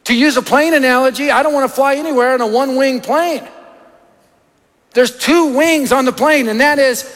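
A man preaching a sermon in a very high voice. He tells stories and drives his points home with short, punchy lists. The sound carries a long hall reverb. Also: normal speed. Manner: animated, anecdotal, punchy lists. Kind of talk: sermon with storytelling. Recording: echoey hall.

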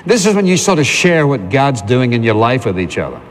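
A man's voice: mid-range voice, very animated, fairly quick, big-room sound. A male pastor preaching a sermon in a conversational way, asking the congregation questions and answering them himself.

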